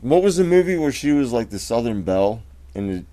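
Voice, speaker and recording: A man's voice: mid-range voice, very animated, brisk, dark tone. A man co-hosting a podcast in casual chat, with dry, sarcastic and profane quips. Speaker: podcast co-host.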